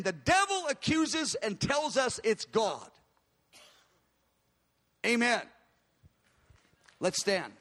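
A man preaching a sermon with emphatic, repeated declarations, slowing down to stress key words. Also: extremely high pitch, very animated, pushed and bright, long reverb tail.

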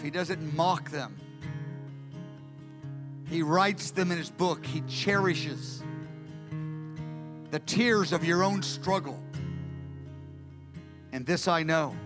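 A man preaching a sermon in a church, passionate and animated, acting out the voices he quotes. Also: a little high, takes it slowly, long pauses. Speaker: pastor. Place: large church hall. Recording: reverberant church hall with music. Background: guitar worship music.

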